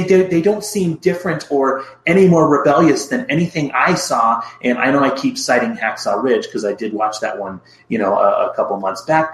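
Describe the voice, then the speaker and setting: A man in casual film review chat, measured and wry, with hedging asides. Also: on the high side, echoey room, low-quality recording. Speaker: podcast co-host.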